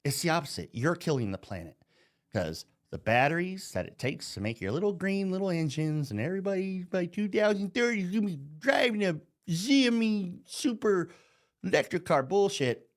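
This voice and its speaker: A man's voice: sits high, expressive, moderate pace. A middle-aged American man ranting heatedly, mocking and swearing constantly. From United States. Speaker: vlogger. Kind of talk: profane political rant.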